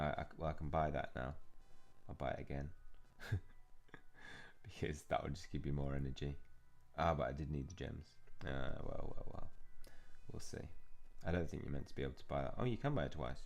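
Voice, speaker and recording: A man's voice: very deep voice, vocal fry. A young man casually commenting on a mobile game as he plays, reading the characters' lines aloud and reacting to them. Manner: chatty, reads game dialogue aloud and reacts to it. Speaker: gaming channel host. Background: faint game music.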